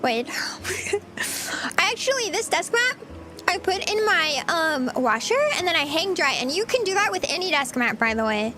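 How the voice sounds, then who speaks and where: A woman's voice: very high voice, very animated, a little slow, over music. A woman VTuber streamer chatting casually with viewers while she eats, giggly and rambling. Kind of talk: casual livestream chat.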